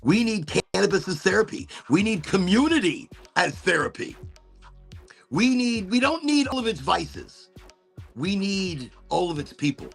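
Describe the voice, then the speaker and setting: A man hosts a laid-back livestream show, rambling and joking with loose swearing. His voice is gravelly and rather high, swinging widely in pitch. Faint music plays underneath. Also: sing-song, measured pace. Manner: rambling, playful, swears freely. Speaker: host. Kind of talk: casual livestream chat.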